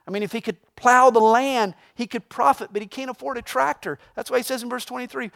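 A man preaching a sermon as a pastor, emphatic, swinging between loud stresses and hushed asides. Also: very high-pitched, steady tone, fast, gravelly, hardly any pauses.

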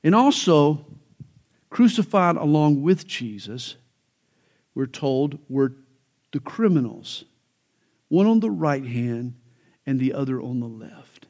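A man's voice: mid-range voice, expressive, slow pace, long pauses, a little mellow. Fervent storytelling preacher, a man. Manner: storytelling with jokes, rising to fervent emphasis. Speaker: pastor. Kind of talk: sermon.

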